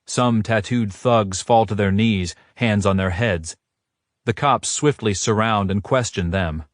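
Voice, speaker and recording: A man narrating a romance audiobook in a steady, first-person storytelling manner. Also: lowish voice, unhurried, dry recording, clean studio sound.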